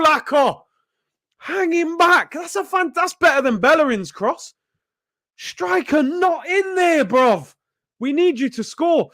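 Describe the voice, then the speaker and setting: A young man hosting a live football watchalong, reacting excitedly and yelling at the players. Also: very high-pitched, slow. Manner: excitable, shouting at players, frequent outbursts. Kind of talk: live match reaction commentary.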